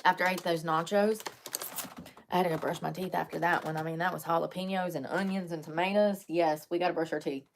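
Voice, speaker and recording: A woman's voice: fairly low pitch, steady tone, fast talker, slight background noise. Young woman vlogging, chatty and jokey, cusses a lot, talks right to the camera. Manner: chatty, joking, swears casually. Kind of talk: casual chat to camera.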